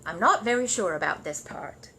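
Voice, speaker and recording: A woman's voice: fairly low pitch, expressive, moderate pace, sharp tone. A woman voicing a polite, earnest young bear who speaks hopefully and a little apologetically, with faint noise behind her. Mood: unsure.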